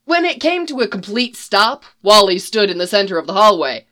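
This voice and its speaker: A woman narrating a fan fiction story in an expressive reading voice. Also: medium pitch, fairly quick.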